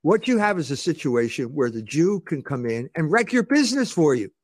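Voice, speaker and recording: An interview guest argues his case in a slightly high, very animated voice, talking a little fast with a darkish, slightly rough tone and no echo. He leans on rhetorical questions and keeps restarting, repeating words as he begins sentences.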